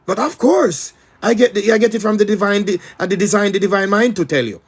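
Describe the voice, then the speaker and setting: A man's voice: high voice, lively intonation, a little fast, slightly rough. A man with a Jamaican accent, preaching as a spiritual teacher in an emphatic, repetitive patois-laced monologue.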